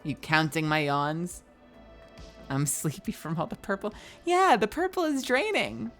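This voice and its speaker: Her voice sits on the low side, expressive and unhurried, as this young woman chats with her livestream viewers and reads out their messages. Sleepy and yawning, she lets the odd swear word slip, with faint background music.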